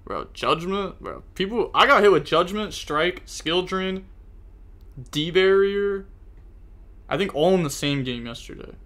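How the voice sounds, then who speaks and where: A man's voice: high voice, expressive, unhurried, fairly bright tone. A young man streaming a card game, talking to his chat as he plays and getting frustrated with his own mistakes. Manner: frustrated, self-critical, talks to chat. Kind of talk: live card game commentary.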